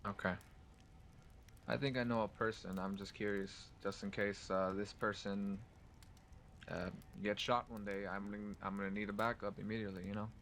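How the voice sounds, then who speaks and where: A man chatting in character during a game roleplay, halting and searching for words. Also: fairly low pitch, flat delivery, gravelly, fairly bright tone, slight background noise. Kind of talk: casual in-character roleplay chat.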